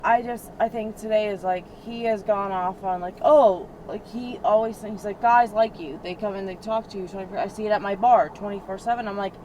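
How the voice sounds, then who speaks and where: A young woman in her twenties vents from the back of a car, her talk heated, profane and full of fillers. Her voice sits at an ordinary middle pitch for a woman. A faint hum of the road runs under her, picked up by an in-car cabin camera. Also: fairly even intonation, brisk, few pauses, a little mellow, rough recording. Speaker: rideshare passenger. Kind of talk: casual venting chat. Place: inside a moving car. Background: faint vehicle road noise.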